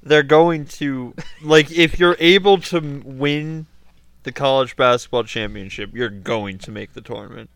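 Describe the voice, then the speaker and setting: A man's voice: medium pitch, unhurried, a bit bright, clean tone, no room sound, rough recording. A man co-hosting a podcast, trading dry, joking banter about sports. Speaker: podcast co-host. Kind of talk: casual sports chat.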